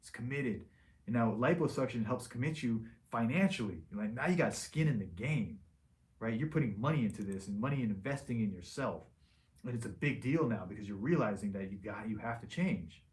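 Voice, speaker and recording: A man's voice: mid-range voice, expressive, a little fast, a little mellow. A man speaking as a liposuction surgeon in a casual patient Q&A, frank and plain-spoken, with loose restarts.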